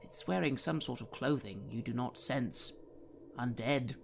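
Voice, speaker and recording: A man's voice: medium pitch, unhurried, vocal fry, fairly bright tone, a little hiss or hum. A man narrating a tabletop horror game as game master, with detailed scene descriptions. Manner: detailed, vivid scene-setting.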